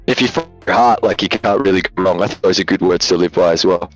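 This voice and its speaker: Over a video call from home in Latvia, an Australian guest content creator speaks fast in a low voice during a relaxed interview chat. He jokes around and rambles through stories with frequent fillers, while soft music plays behind him on poor-quality audio.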